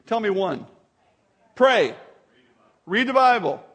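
A man's voice: high-pitched, sing-song, takes it slowly, fairly bright tone, husky. A man preaching a sermon as pastor in a conversational way, with asides and laughter.

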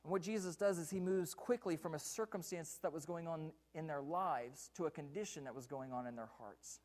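A man's voice: a little high, a little fast, a little mellow. A man preaching a sermon from a church pulpit, repeating key lines and putting questions to the congregation. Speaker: pastor.

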